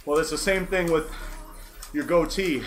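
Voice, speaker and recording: A man's voice: on the high side, moderate pace, slight background noise. A man in his forties hosting a livestream from an indoor bike trainer, rambling candidly and poking fun at himself. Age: 40s. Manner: candid, self-deprecating, wry. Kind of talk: casual rambling monologue. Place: indoor cycling setup. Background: faint background music.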